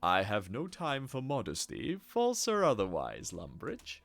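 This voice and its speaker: A man's voice: lowish voice, huge pitch swings, a little slow, creaky, a bit bright, no room sound, voice pushed down, exaggerated voice. A man voicing a stern, weary male god-king who speaks in cold, clipped lines. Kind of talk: reading game dialogue aloud with voices.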